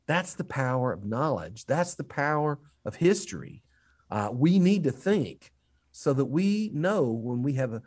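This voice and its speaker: A man who teaches history, telling faith stories in an interview with lively, animated delivery. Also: husky. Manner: animated storyteller, rising pitch when quoting others. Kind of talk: storytelling in a faith podcast interview.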